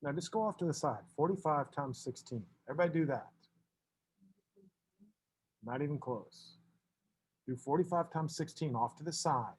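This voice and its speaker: A man teaching a math class, brisk and teasing, fussing at students and then reassuring them. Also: on the high side, husky.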